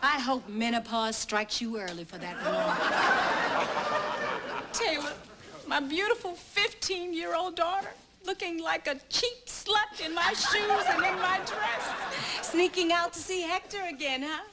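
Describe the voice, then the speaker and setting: Brief: high-voiced, wisecracking single mom with a dramatic streak, over loud hiss. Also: female voice, unhurried, over a noisy crowd. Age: middle-aged. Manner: sarcastic, theatrical outbursts. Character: sharp-tongued single mother, fed up and dramatic. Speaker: mother of three. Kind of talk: sitcom acting. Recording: loud noisy TV recording.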